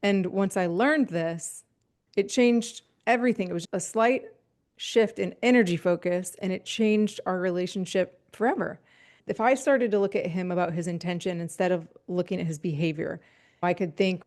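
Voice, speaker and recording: A woman's voice: medium pitch, steady tone, moderate pace, darkish tone. A woman hosting a podcast, talking in an earnest, reflective way and working through everyday examples. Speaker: podcast host. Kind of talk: casual conversation.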